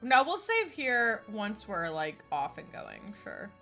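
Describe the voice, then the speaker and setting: A woman's voice: mid-range voice, huge pitch swings, slow, sharp tone, faint music behind. A young woman streaming a video game, chatting casually and rambling with lots of fillers. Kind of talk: casual game livestream chat.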